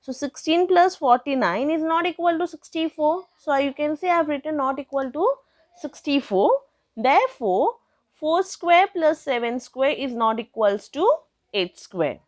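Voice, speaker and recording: A woman's voice: high voice, expressive, measured pace, no echo, studio quality. A young woman teaching a maths lesson step by step, asking questions and answering them herself. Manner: patient, asks questions then answers them.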